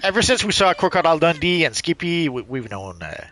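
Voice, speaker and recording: A man co-hosting a game stream, chatting casually and hesitantly with many pauses and restarts. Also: fairly high pitch, sing-song, background noise. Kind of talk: casual chat while gaming.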